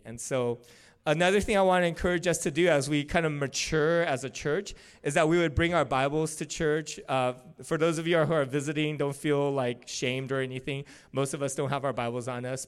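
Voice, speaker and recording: A man preaches to his congregation in a relaxed, conversational way, often slipping in casual fillers. His voice sits a little high for a man and comes across smooth and clear. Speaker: pastor. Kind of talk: sermon. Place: church service.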